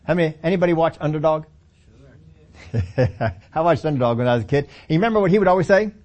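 A man's voice: a little high, quick pace, darkish tone. A middle-aged male pastor preaching a sermon, telling the story animatedly with acted-out quotes and chuckles.

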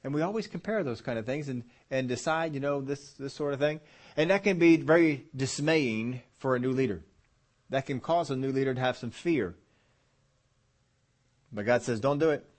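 A man preaching a midweek sermon, reading scripture aloud and slowing down to stress words. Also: mid-range voice. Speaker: pastor.

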